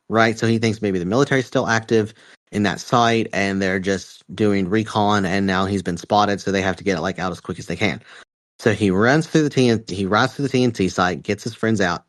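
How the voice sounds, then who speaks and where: A man's voice: fairly low pitch, no room sound. A man from West Virginia, telling a story casually on a podcast in a rambling, profane way with lots of fillers. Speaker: podcast host.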